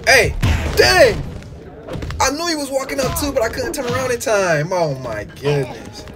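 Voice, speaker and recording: Excitable high-voiced gaming commentator, man. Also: moderate pace, music in the background. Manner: excitable, animated trash talk with slang. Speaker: gaming YouTuber. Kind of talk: casual game commentary.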